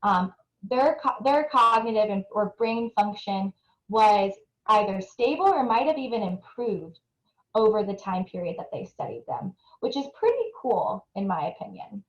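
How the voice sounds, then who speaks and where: A woman's voice: mid-range voice, moderate pace, roomy sound, dull audio. A young adult woman giving an earnest, explanatory research presentation, often restarting her phrases. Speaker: nutrition researcher presenting a webinar. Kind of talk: presentation talk with audience poll.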